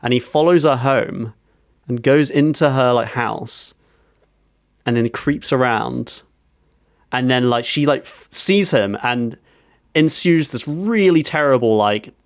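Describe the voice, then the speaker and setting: A man's voice: medium pitch, no echo, clean studio sound. A man on a podcast telling a story, acting out quotes as he goes. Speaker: podcast co-host. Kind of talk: casual chat.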